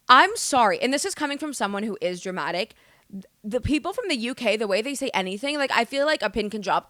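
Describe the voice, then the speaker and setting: A woman's voice: fairly high pitch, animated, quick pace, sharp tone, no room sound, studio quality. A young woman hosting a comedic solo podcast, rambling animatedly, swearing and poking fun at herself. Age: young adult. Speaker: podcast host.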